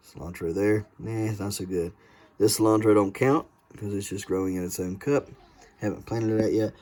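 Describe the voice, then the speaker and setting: A man's voice: lowish voice, darkish tone. A man, casually showing viewers around his homestead in a folksy vlog. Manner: folksy, addresses viewers as "guys" and "y'all". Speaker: homesteading vlogger. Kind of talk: casual walk-through vlog. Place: indoor grow room and outdoor homestead.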